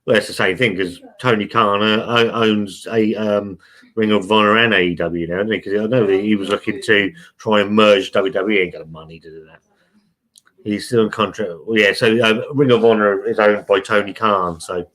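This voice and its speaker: A man's voice: on the low side, steady tone, normal speed, a bit bright. A man hosting a casual live stream from home, reading out chat messages in a chatty, blunt, sweary way and calling everyone mate.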